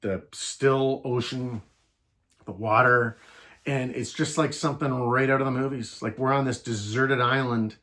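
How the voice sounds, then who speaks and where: Guy vlogging about his travels, rambly storytelling, lots of uh and so, medium pitch. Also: a little slow. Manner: rambling, animated, many restarts and fillers. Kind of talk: casual storytelling.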